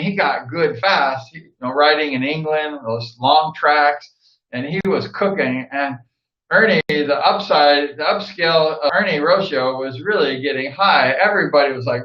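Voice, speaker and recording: An older man, a former racer, telling stories in a rambling, casual way, repeating himself and acting out what others said. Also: on the high side. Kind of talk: casual storytelling monologue. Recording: echoey room, dull lo-fi sound.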